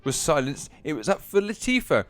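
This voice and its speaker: A man's voice: on the high side, very animated, fairly quick, fairly bright tone, soft background music. A man hosting a radio show, reading a silly story aloud and breaking off into laughter. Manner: giggly, self-interrupting, breaks off into laughter. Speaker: radio host.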